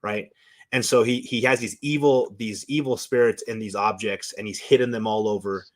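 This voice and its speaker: A man on a talk show as a guest, telling stories with excitement and emotion, often restarting his sentences. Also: on the low side, moderate pace. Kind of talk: casual chat.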